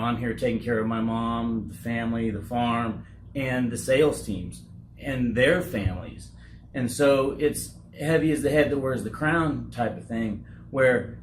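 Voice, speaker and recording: Brief: earnest man in his forties, stumbling over words, echoey noisy room. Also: medium pitch. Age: 40s. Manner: halting, repeats words, earnest. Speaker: roofing company owner. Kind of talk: candid interview.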